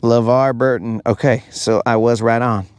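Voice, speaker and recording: A man's voice: mid-range voice, steady tone, moderate pace, clear, resonant tone, dry recording. A man hosting a live fishing stream from a boat outdoors, chatting casually and bantering jokingly with his viewers.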